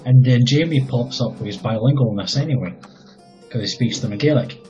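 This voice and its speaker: A man's voice: medium pitch, brisk, dark tone, faint music behind. A man co-hosting a podcast in casual chat, blunt and matter-of-fact, swearing now and then. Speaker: podcast co-host. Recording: slightly dull lo-fi sound.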